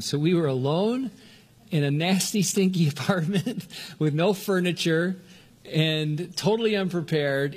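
An older man from Southern California, a pastor, delivers a sermon with real earnestness. He keeps restarting words and pushes his pitch upward when stressing a point.

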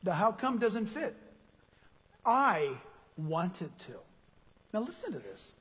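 A man preaches a lively sermon, firing off rhetorical questions at his congregation. His voice sits very high and has a husky edge. The sound rings with the long reverb of a large church hall. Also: takes it slowly, long pauses. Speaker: pastor.

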